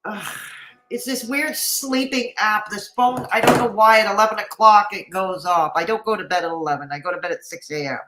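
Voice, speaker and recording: A woman's voice: mid-range voice, a little fast, heavy background noise. A woman streaming live, reacting to a video with sarcastic commentary, laughing often and chatting with her viewers. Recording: roomy echoey room.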